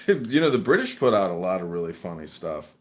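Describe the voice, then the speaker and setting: A man riffs on a live stream, rambling, teasing and swearing at the people watching. His voice leaps up and down in pitch as he mocks them, loud and brash. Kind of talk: crude live-stream banter with viewers.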